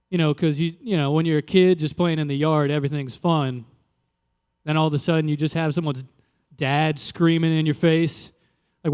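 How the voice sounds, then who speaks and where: A young adult man from Louisiana doing a stand-up comedy set in a loose, conversational way, jumping into animated quoted voices. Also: fairly high pitch, smooth, in a large hall. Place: live comedy venue.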